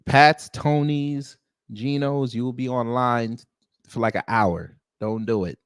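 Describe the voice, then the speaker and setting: A man's voice: mid-range voice, steady tone, slow pace, clear, resonant tone, no room sound, clean studio sound. A man hosting a casual reaction commentary, talking bluntly with exclamations and repeated phrases. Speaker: host commenting on a court hearing.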